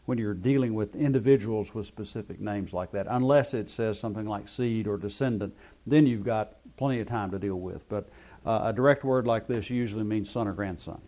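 A man's voice: fairly low pitch, brisk, warm tone. A man leading a Bible study class, explaining at length with many hesitant fillers. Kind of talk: classroom teaching.

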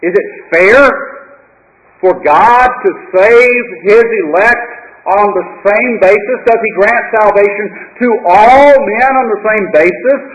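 At a measured pace, the high-pitched pastor unfolds his sermon in a storytelling manner, dramatic and dryly humorous, with quiet murmured asides. The sound quality is dull and lo-fi, much like an aging church tape.

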